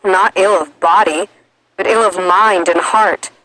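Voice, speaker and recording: A woman's voice: on the low side, steady tone, unhurried, pushed and bright, a little hiss or hum, poor audio. A woman reading a storybook, voicing a frustrated young girl in mourning who talks intensely and with emphasis.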